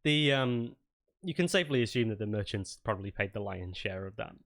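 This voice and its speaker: A man's voice: on the low side, animated, fairly quick, vocal fry, a bit bright. A man narrating as game master, rambling with lots of fillers and restarts.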